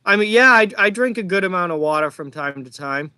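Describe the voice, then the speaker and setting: A man's voice: high-pitched, expressive, a little fast, sharp tone, smooth, dry recording, clean studio sound. A young man from Massachusetts with a mild Massachusetts accent, hosting a live hockey reaction stream and chatting casually while he answers live chat questions.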